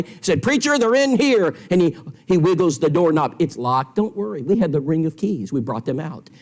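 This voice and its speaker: A preacher teaches an evangelism seminar in a church, telling stories with quoted dialogue in an emphatic way. His voice is fairly high and a little mellow.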